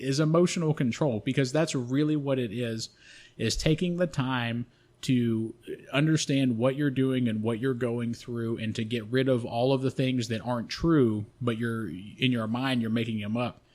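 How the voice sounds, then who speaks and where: A man co-hosting a podcast, telling a story in a casual, profane and animated way. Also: medium pitch. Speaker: podcast co-host.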